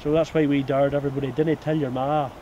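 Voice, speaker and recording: Older man, slightly high voice, easygoing chuckling storyteller, faint street noise. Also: little pitch movement, fast talker, highs cut off. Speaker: documentary subject. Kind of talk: reminiscing storytelling.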